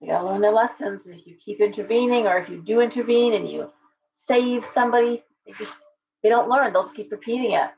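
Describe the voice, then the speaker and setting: Gravelly woman reading tarot live. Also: medium pitch, brisk. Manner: chatty, thinks aloud with restarts, reads viewer names. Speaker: tarot reader and live-stream host. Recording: dull lo-fi stream audio.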